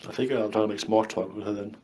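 A man's voice: on the low side, steady tone, fast, a little mellow, a little hiss or hum. A man playing a tabletop role-playing game, easygoing and a bit hesitant. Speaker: player. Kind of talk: casual tabletop game chat.

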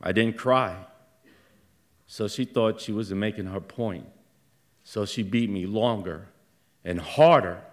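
A middle-aged man with a voice on the low side stands on a theater stage telling a personal story live, pausing and moving slowly, though his delivery sometimes flares.

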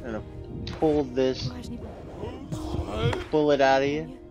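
The gamer is a man whose mid-range voice is flat and unhurried as he reads game text out loud during let's play commentary, musing with fillers along the way. Game music plays beneath the dull, lo-fi recording.

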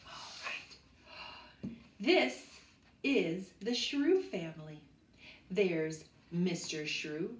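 A woman reading to children at a library storytime, talking in an excited, sing-song way to the kids and a puppet. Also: fairly low pitch, very slow, long pauses. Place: public library. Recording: echoey room.

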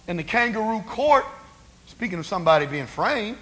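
A man's voice: high voice, big pitch swings, moderate pace, fairly bright tone. A male preacher giving a conversational sermon, asking rhetorical questions of the congregation.

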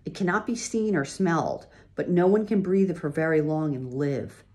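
A woman reading a children's chapter book aloud, gently pausing to show pictures. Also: low voice. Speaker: reader.

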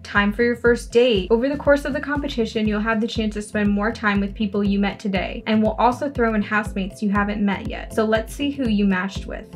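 Playing a story game, a young gaming YouTuber reads it out loud, joking sarcastically and giving the characters quick voices. She has a mid-range voice and steady tone, with faint music in the background.

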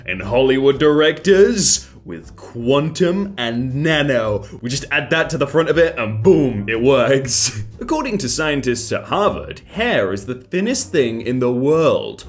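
A man's voice: mid-range voice, sing-song, measured pace, soft background music. Laid-back man laughing through memes. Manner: laughs often, reads captions then jokes. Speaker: meme reaction host. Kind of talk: casual meme commentary.

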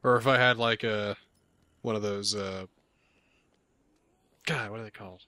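A man's voice: on the low side, steady tone, measured pace, bright, forceful tone, no echo. A young man co-commentating a game, rambling and laughing easily. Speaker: let's play co-commentator. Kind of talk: casual gameplay commentary.

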